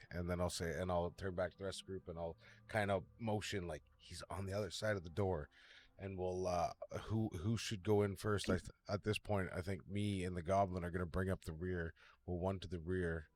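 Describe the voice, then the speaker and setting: Man, player, very low voice, plain practical talk. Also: level tone, fairly quick, slight background noise. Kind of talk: casual tabletop play.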